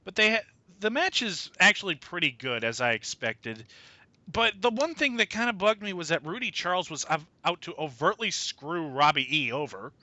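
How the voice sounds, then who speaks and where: Animated male co-host, high bright voice; dry, muffled podcast audio. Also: moderate pace, no echo. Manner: animated, does mocking voices of wrestlers. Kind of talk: casual wrestling review chat. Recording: dull lo-fi podcast mic.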